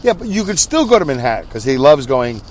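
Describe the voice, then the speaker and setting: A man's voice: mid-range voice, fast. A tired middle-aged man, hosting a podcast and telling a rambling story, acting out both sides of a conversation. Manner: animated, acts out dialogue, rambling and self-interrupting. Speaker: podcast host. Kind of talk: casual storytelling monologue.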